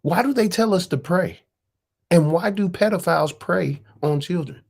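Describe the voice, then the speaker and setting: Woman live-stream host, husky low voice, swears and asks question after question. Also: darkish tone. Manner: profane, rapid-fire rhetorical questions. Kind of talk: casual live-stream monologue.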